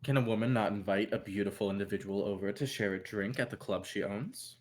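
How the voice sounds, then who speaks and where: A man's voice: fairly low pitch, fairly quick, close to an everyday voice. A man, as game master, voicing a bold woman who owns a nightclub, with a knowing, teasing drawl. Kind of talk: voicing a character in a tabletop game.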